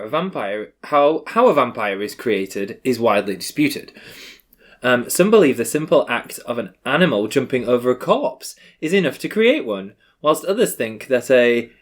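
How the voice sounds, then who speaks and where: A man's voice: medium pitch, lively intonation, normal speed. A man playing a board game, chatting casually, laughing often and stumbling as he reads rules text aloud. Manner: giggly, stumbles while reading aloud. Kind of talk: casual gameplay chat.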